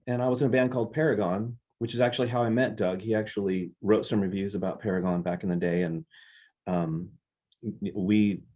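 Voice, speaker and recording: A man's voice: fairly low pitch, fairly even intonation, a little fast, dark tone. A man, a drummer being interviewed, earnestly telling reflective stories about his music career. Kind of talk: casual interview storytelling.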